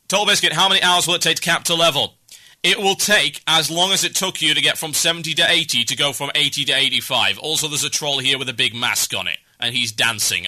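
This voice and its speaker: A man hosting a podcast, chatting briskly and wryly while he plays a game. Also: medium pitch, pushed and bright. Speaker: podcast host. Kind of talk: casual gaming podcast chat while playing.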